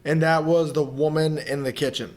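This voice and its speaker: A man with a somewhat high voice co-hosts a casual movie review conversation. He is blunt and opinionated. He swears freely as he tells stories. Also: fairly even intonation, moderate pace. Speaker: podcast co-host.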